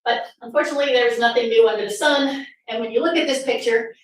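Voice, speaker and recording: A woman with a fairly high voice gives a talk to a live audience. She is sarcastic and asks pointed rhetorical questions. The sound comes from a distance in a very echoey room. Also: fairly even intonation, fast talker. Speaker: speaker at a political summit. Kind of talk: presentation talk. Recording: very echoey room from far off, faint noise.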